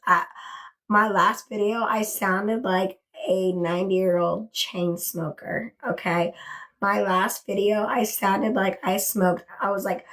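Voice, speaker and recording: This woman speaks slowly at a medium pitch, her intonation fairly even and her tone a bit bright. She's running a relaxed bedroom livestream, chatty and effusive, dropping casual swears and repeatedly thanking her viewers.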